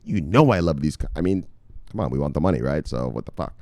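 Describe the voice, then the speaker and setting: A man hosting an excitable crypto news show, shouting bursts of exclamations, swearing freely and swinging from loud yells to low mutters. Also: fast, no room sound, studio quality. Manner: shouts bursts of "Bang!", swears, hypes his viewers.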